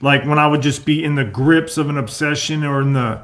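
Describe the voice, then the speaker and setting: A man's voice: a little high, a little fast, hardly any pauses, fairly bright tone. A man sharing his recovery in an earnest, reflective way during casual chat. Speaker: podcast co-host.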